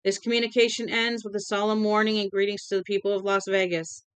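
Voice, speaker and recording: A woman voicing a man who reads out an official order in a high, fast, auctioneer-like voice. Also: level tone, fairly bright tone, smooth, no room sound. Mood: shrill proclaiming. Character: shrill male herald reading a death order.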